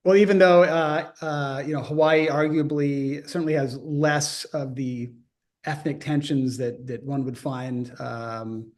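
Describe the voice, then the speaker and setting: A man's voice: fairly high pitch, fairly even intonation, measured pace, darkish tone. A man in his fifties interviewing an old classmate, asking long questions full of hedges and fillers. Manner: rambling, hedging questions with fillers.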